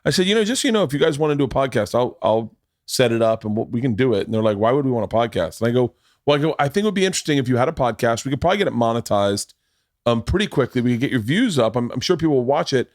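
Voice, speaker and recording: Animated man telling stories in a dry studio. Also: mid-range voice, racing, no room sound. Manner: animated storyteller, swears freely. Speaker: podcast host. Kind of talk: casual chat. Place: podcast studio.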